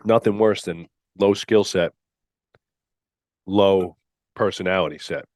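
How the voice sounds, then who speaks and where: A man's voice: low voice, slow, a little mellow, dry recording, clean studio sound. A man hosting a podcast, giving a blunt, emphatic solo coaching talk that he keeps punctuating with "all right.". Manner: mocks candidates in put-on whiny voices. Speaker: podcast host and gym owner.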